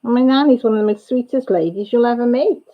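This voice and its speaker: A woman's voice: a little high, fast talker, muffled recording. Chatty woman on a livestream. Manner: chatty and gossipy, laughs often, greets viewers by name. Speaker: livestream host. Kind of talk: casual chat with live viewers.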